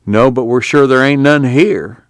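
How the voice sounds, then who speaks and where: A man's voice: mid-range voice, unhurried, no room sound, studio quality, voice pushed up, natural voice. A man doing a weary plain-spoken farm father. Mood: earnest. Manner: plain rural talk, earnest.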